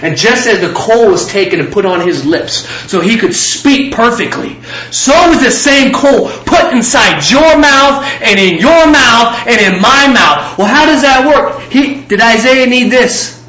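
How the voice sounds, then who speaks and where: A man's voice: extremely high pitch, expressive, a little slow, pushed and bright. A man preaching a fervent sermon as pastor, building up with repeated lines. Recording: echoey, dull room recording.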